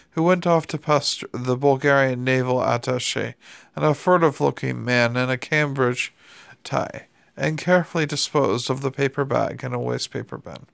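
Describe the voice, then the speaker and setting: A man reading a story aloud in dry, deadpan scripted narration. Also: medium pitch, creaky, no room sound. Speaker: audiobook narrator.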